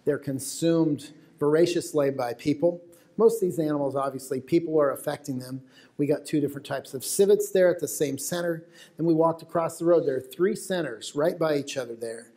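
A man's voice: fairly high pitch, brisk, warm tone. An American man giving a talk to a live audience, telling stories in a chatty way with asides to the crowd. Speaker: wildlife photographer giving a talk. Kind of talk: lecture to an audience.

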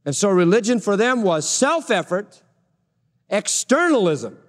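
Guy preaching, pretty high voice, hammering points over and over, big echoey hall. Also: sing-song, a little slow. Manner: emphatic preaching, with repeated parallel phrases and rising stress. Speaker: pastor. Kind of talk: sermon.

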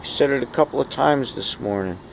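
A man's voice: mid-range voice, brisk, vocal fry, slight background noise. A man on an outdoor terrace in the rain, filming on a handheld camera and coaxing his cat in sing-song baby talk. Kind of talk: casual home video talking to his cat.

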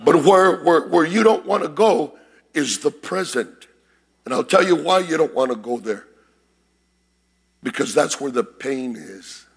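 High, gravelly preaching pastor, man. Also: animated, measured pace, pauses often. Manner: shouts and repeats phrases, calls to congregation. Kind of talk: sermon. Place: church sanctuary.

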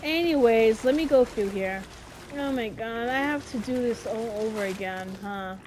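A woman's voice: fairly high pitch, moderate pace, darkish tone, a little hiss or hum. A woman giving casual gameplay commentary, exasperated and swearing, with slangy talk. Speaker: gaming streamer.

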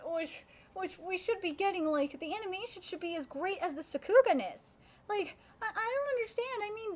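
A young woman with a high, bright-pitched voice talks through an anime episode live. She is excitable and foul-mouthed, and she bursts into loud, outraged shouting of protest. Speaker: anime reaction streamer. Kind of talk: live anime reaction commentary.

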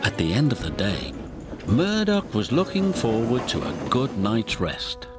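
A man with a British accent narrates a children's railway story in an expressive, sing-song voice. He takes his time, and his pitch rises and falls a great deal. Music plays steadily under the studio voice-over. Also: a little slow. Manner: expressive, does all the voices.

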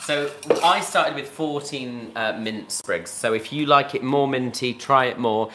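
A man's voice: medium pitch, measured pace, heavy background noise. A man guesting on a family podcast, walking through a cocktail recipe in an easygoing, explanatory way in a home kitchen. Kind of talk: casual cocktail demonstration.

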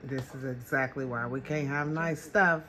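A woman's voice: very deep voice, normal speed, crowd noise. A woman vlogging at home, playfully scolding her dog in a casual, colloquial way with bursts of baby talk. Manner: informal, colloquial grammar. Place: home, indoors.

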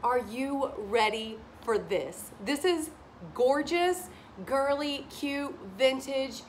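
A woman chatting to camera in a shopping haul video, gushing and giddy with excitement. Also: a little high, slight background noise. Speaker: haul vlogger.

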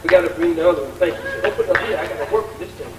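A man's voice: fairly high pitch, racing, over a noisy crowd, very noisy. A man giving a combative, taunting public speech with a preacher-like cadence at a college event. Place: large college lecture hall. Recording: echoey hall recording from far off.

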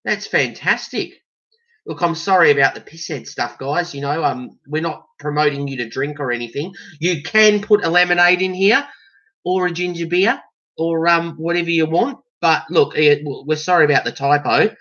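A man's voice: on the high side, moderate pace, sharp tone. Jokey Australian man unboxing. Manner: jokey, exaggerated, slangy. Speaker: band member vlogger. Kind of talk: casual vlog unboxing. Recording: dull lo-fi sound.

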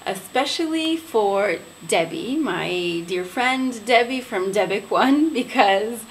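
Slow, unhurried woman beauty vlogger. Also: mid-range voice, lively intonation, slight background noise, rough recording. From Quebec, Canada. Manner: unhurried, careful, elegant pronunciation. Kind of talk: casual vlog talk to camera.

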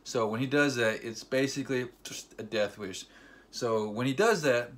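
A man vlogging a casual, excited movie recap, rambling with fillers and acting scenes out with sound effects like "boom" and "ding.". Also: moderate pace, slight background noise. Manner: animated storyteller with sound effects; loose, rambling, filler-heavy delivery.

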